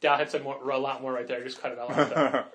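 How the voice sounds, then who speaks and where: A man co-hosting a podcast in casual chat, rambling with quick asides and frequent laughs. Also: mid-range voice, level tone, fairly bright tone. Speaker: podcast co-host and comic shop owner.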